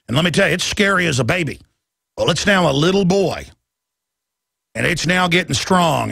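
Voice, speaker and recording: A man's voice: on the high side, vocal fry, sharp tone, dry recording, studio quality. A man in his thirties hosting a talk radio show, delivering an impassioned, ranting monologue. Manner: impassioned, ranting, mimics others in quoted voices. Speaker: radio host.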